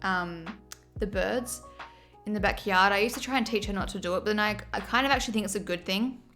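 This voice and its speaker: Chatty, giggly woman streamer. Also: mid-range voice. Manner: chatty, giggly, animated storyteller. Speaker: livestreamer. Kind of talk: casual livestream chat.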